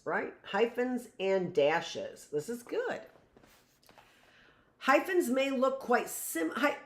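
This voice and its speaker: Teaching young children to read live, a middle-aged woman speaks slowly and with emphasis, in a medium, somewhat bright voice. The room echoes as she repeats key phrases and keeps asking "right?".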